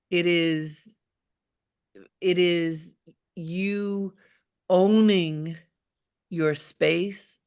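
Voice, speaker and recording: A woman leadership coach giving measured, emphatic advice in a live webinar, speaking from deep in her chest. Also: gravelly, smooth. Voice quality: grounded low voice. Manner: measured, emphatic, repeats key phrases.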